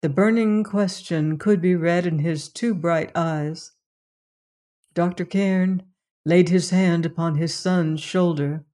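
An audiobook narrator reading a mystery novel in a measured, atmospheric storytelling manner. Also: mid-range voice, steady tone, warm tone.

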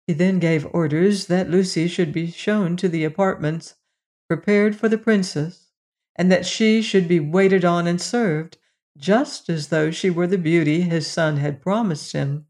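A storyteller giving a measured, scripted reading of a fairy tale. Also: medium pitch, darkish tone.

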